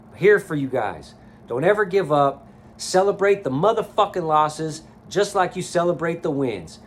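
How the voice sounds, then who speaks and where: A man's voice: a little high, a little hiss or hum. A man giving a blunt, profane motivational rant to camera as a life coach vlogger, recorded in a sauna.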